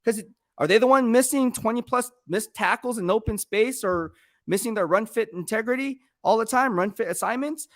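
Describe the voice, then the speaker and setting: A man hosts a casual live-stream sports talk show with a slightly high voice. He presses his points hard, stacking rhetorical questions and repeating himself for emphasis. The recording is dry and close, with no room echo. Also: normal speed. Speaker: sports commentator host.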